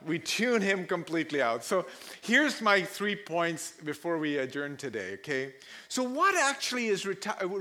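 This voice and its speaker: A man's voice: a little high, sharp tone. A man preaching a sermon to a live congregation, telling personal stories, laughing often and mimicking voices. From Pakistan. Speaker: pastor.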